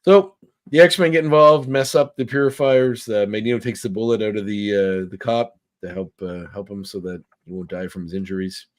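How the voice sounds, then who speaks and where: Speaking at a normal pace, this man has a lowish voice with fairly even intonation. He's a podcast co-host casually going over a comic, reading quotes aloud and rambling with plenty of fillers and restarts.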